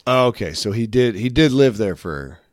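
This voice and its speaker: A man's voice: mid-range voice, lively intonation, moderate pace, darkish tone, no room sound, studio quality. A man co-hosting a casual podcast, telling rambling stories and swearing freely. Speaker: podcast co-host. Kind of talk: casual chat.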